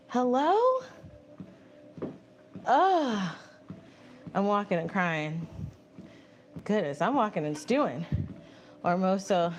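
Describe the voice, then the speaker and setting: A woman hosting a live stream, chatting casually with viewers while walking on a treadmill, animated and often laughing. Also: on the low side, slight background noise. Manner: animated, laughing, reads viewer messages aloud and answers them. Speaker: livestream host reading chat. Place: home, indoors on a treadmill.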